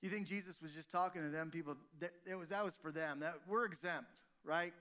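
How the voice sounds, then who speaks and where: Male pastor preaching, bright and high-pitched, talking straight to his congregation. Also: steady tone, fast. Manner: preaching, rhetorical questions to the congregation. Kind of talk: sermon. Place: church service, streamed to listeners at home.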